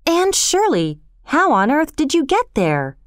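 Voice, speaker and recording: A woman's voice: medium pitch, expressive, a little slow, smooth, no echo, studio quality, natural voice. A woman voicing an earnest teenage boy who talks hurriedly and pleads. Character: earnest teenage boy, eager then sharp.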